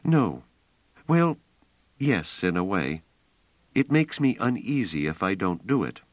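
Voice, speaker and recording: A man voicing a proud, touchy superstitious woman, speaking slowly and emphatically. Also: sits low, very animated, dry recording, exaggerated voice. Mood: uneasy. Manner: tense, emphatic, slow deliberate delivery. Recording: slightly dull, dry audiobook recording.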